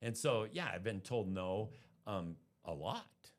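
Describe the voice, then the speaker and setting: A man's voice: on the low side, takes it slowly. A man, a guest on a business podcast, telling stories and acting out his own thoughts as he talks. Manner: animated storyteller acting out his own inner voice. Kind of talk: storytelling interview talk.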